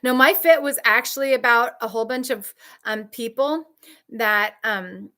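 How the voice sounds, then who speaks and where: A woman's voice: moderate pace, bright, forceful tone. A woman coaching trauma survivors in a candid, emphatic talk, repeating key phrases and answering viewers. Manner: mimics others' voices in high shrill outbursts.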